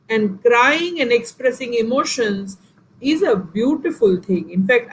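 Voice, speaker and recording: A woman's voice: fairly high pitch, slight background noise, rough recording. An Indian woman, a professor and guest speaker, answering questions in an online session in an emphatic, earnest way, speaking directly to her listeners.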